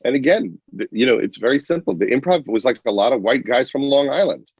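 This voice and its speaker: A man with a husky, slightly raspy voice, speaking as a guest in a casual chat. He works through his points in an earnest, thoughtful way. The audio is dull and lo-fi, and the sound is dry. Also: mid-range voice, animated, fast, dry recording. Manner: earnest, reflective. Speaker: podcast guest. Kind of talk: casual conversation.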